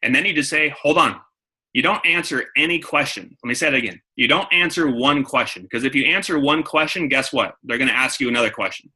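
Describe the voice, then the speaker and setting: A man's voice: medium pitch, brisk, pushed and bright, husky, rough recording. A man giving a coaching talk to his sales team, repeating key points and acting out phone calls. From San Diego. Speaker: network marketing trainer.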